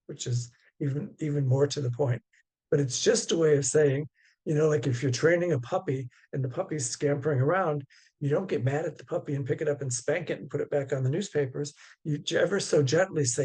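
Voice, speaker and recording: A man, a Zen teacher, giving a dharma talk over a video call in a gentle, unhurried way, halting often with fillers. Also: on the high side, slightly rough.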